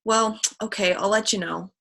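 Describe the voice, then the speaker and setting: A woman's voice: mid-range voice, fairly even intonation, moderate pace, vocal fry, fairly bright tone. A woman reading the part of a stout, jumpy teenage boy who stammers when scared, in a storybook reading. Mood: frightened.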